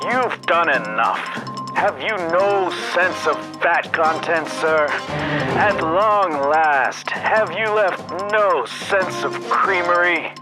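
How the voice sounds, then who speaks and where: A man doing an impression of an indignant lawyer giving a slow, pointed rebuke at a hearing. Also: high voice, expressive, voice pushed up. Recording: music playing under the voice.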